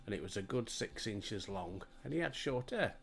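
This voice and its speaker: A man's voice: fairly low pitch, animated, normal speed, creaky. A man in his sixties with a Yorkshire accent, chatting casually and telling rambling stories while he plays a game, laughing often. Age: 60s. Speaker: gaming video host. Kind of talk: casual chat and storytelling while playing.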